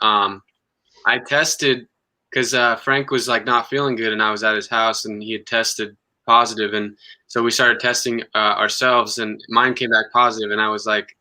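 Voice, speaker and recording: A man in his twenties chatting as a guest musician, halting with lots of ums and restarts. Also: on the low side, bright, forceful tone. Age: 20s. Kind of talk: casual interview chat.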